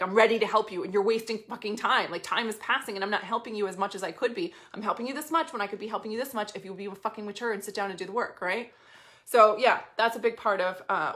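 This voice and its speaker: A woman coach talking casually and bluntly to her viewers, swearing freely and in an animated way. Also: mid-range voice. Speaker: business coach. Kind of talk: casual motivational talk to viewers.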